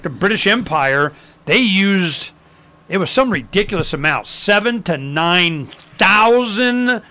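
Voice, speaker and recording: A bright, slightly high man tells history in a lively, chatty way. He acts out quotes with gusto and fills his talk with casual asides. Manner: animated storyteller, acts out quotes, many fillers.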